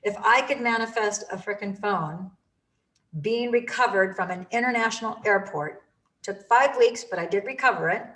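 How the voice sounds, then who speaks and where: A woman's voice: medium pitch, normal speed, a bit bright, distant mic, low-quality recording. A woman giving an enthusiastic, emphatic motivational talk about manifesting, repeating phrases for emphasis.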